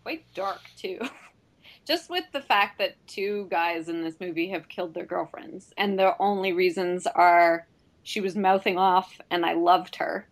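A woman's voice: lowish voice, a little slow. A woman co-hosting a casual film discussion podcast who laughs often as she talks. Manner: giggly, laughs often while talking. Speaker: podcast co-host.

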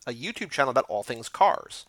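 A man co-hosting a casual podcast, reading listener emails aloud and adding quick asides. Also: mid-range voice, very animated, fairly bright tone.

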